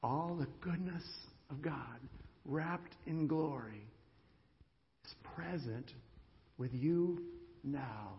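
An older man preaching a sermon in a church, emotional, swinging between loud emphasis and hushed, near-whispered lines. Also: on the high side, slow pace, long pauses, slight background noise. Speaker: pastor. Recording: dull hall recording with reverb.

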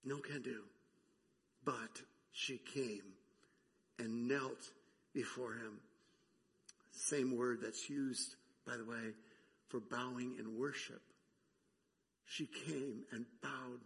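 Gravelly man preaching in a reverberant hall. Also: mid-range voice, fairly even intonation, a bit bright. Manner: conversational, pausing to reflect on scripture. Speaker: pastor. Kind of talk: sermon.

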